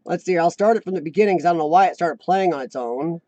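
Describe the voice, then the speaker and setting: Brief: American man hosting a live chat stream, high-pitched, rambling and talkative, dry close mic. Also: fast, dark tone, no room sound, muffled recording. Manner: chatty, rambling, reads chat aloud.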